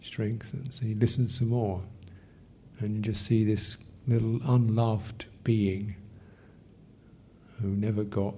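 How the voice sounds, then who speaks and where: A man teaching meditation in a question-and-answer session, speaking gently in short, halting phrases with soft laughs. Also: fairly low pitch, little pitch movement, slight background noise. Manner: gentle, unhurried, often laughs softly. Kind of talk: dharma Q&A teaching.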